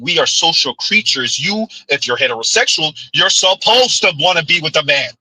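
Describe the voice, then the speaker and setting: A man delivering a ranting commentary vlog in a high, very bright voice with a husky grain. He is blunt and preachy, tossing in sarcastic laughs and rhetorical asides, and the sound is dry and close. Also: lively intonation, fairly quick, few pauses, no echo, rough recording. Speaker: commentary vlogger.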